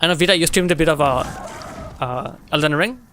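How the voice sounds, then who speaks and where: A man's voice: on the high side, fairly quick, fairly bright tone, a little hiss or hum. A young man streaming a game, chatting casually with his viewers, reading their messages aloud and laughing often. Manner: chatty, laughs often, reads and answers chat. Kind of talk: casual gameplay chat with viewers.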